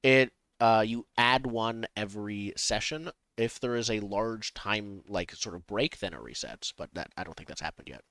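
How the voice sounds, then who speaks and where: A man running a tabletop role-playing game as game master, improvising with halting restarts. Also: lowish voice, a bit bright, dry recording. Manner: halting, many fillers and restarts while improvising.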